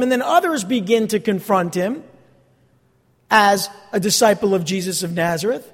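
A man with a New Jersey accent preaching a sermon, retelling a story with rhetorical questions and lively emphasis. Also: very high-pitched. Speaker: pastor. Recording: long hall reverb.

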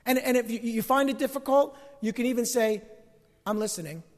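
Preaching briskly in a very high voice, this pastor animates his sermon by performing quoted arguments and then dropping to quiet asides. He comes from the Northeast US and grew up in an Italian-American household. A large hall gives his words a long, ringing reverb.

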